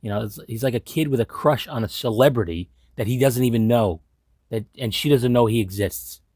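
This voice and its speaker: A man's voice: mid-range voice, a little fast, darkish tone, husky, dry recording, clean studio sound. A man giving casual, sarcastic episode commentary, swearing often and sounding incredulous. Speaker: commentary host.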